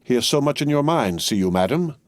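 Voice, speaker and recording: A man voicing a croaking, bloodthirsty juror in an audiobook. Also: on the low side, very animated, measured pace, no room sound. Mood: eager.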